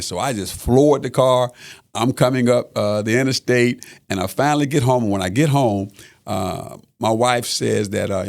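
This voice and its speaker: A middle-aged man with a gravelly, creaky voice and an ordinary middle pitch. He tells a family story earnestly, circling back and repeating phrases, with plenty of "uh" along the way. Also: normal speed, a little mellow. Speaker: father of the guest. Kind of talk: storytelling on a podcast.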